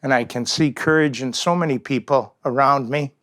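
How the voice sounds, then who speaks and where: An older man giving a gentle, reflective talk with pauses. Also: mid-range voice, no echo, studio quality. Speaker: speaker in a talk series on aging.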